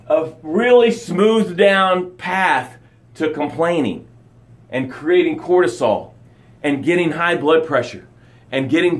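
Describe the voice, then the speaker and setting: A man coaching his audience live, preaching with energy and repeating his key phrases, sometimes acting out angry stories with a rising voice. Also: fairly high pitch. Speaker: motivational coach. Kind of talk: live motivational broadcast.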